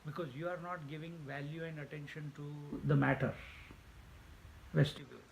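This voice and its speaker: A man's voice: on the high side, fairly even intonation, normal speed, creaky, slight background noise, low-quality recording. A man teaching a spiritual discourse, emphatic and repetitive, laughing at his own jokes. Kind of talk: Vedanta discourse.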